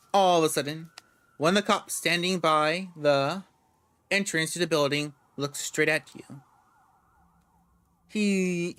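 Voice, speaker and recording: A man reads game narration aloud in a casual, relaxed way, often tripping over words and starting them again. His voice is bright and sharp, and it sits a little high for a man. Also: dry recording. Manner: stumbles and restarts words while reading. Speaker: gamer reading a visual novel aloud.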